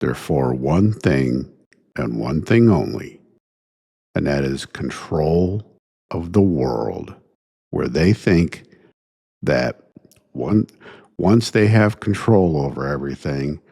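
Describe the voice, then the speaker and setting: A man hosting his own show, ranting indignantly in a halting way, restarting phrases and sighing between thoughts. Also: very deep voice, expressive, gravelly, dark tone, slightly rough. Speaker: podcast host. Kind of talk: solo opinion rant.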